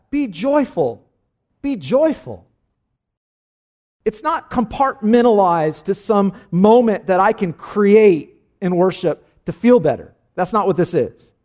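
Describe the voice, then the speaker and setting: Emphatic, high-voiced male preacher. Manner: emphatic preaching, swinging between soft asides and loud exclamations. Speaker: pastor. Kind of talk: sermon.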